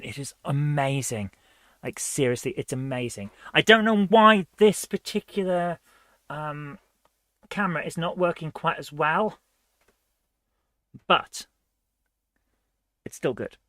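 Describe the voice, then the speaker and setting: A woman's voice: fairly low pitch, lively intonation, measured pace, no echo. Chatty woman streamer, dry sound. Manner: chatty, upbeat, laughs easily. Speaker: host of a live retro gaming stream. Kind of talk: casual live-stream chat, reading viewer comments.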